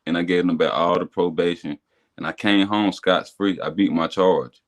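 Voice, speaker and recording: A man, a podcast guest, telling a personal testimony in casual chat, animated and repetitive, rising to excited high bursts. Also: moderate pace. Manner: animated storytelling, repeats words, builds to excited high bursts. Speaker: podcast guest, business owner.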